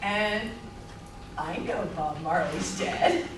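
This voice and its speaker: A woman lecturing to a class, telling funny anecdotes with lively delivery and frequent laughter. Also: lowish voice, very slow, recorded from a distance. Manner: lively, storytelling, laughing often. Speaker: anthropology lecturer. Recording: echoey classroom recorded from afar, noisy.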